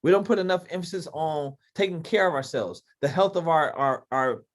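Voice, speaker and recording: A man's voice: fairly high pitch, brisk. Emphatic man hosting a call-in chat. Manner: emphatic, conversational, lots of fillers. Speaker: podcast host. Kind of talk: casual faith-based talk on a video call. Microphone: video call.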